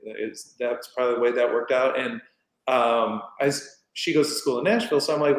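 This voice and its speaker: Middle-aged male podcast guest, mid-pitched, loose rambling storyteller, echoey room. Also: fairly quick. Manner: rambling, animated retelling with acted-out quotes. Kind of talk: casual storytelling.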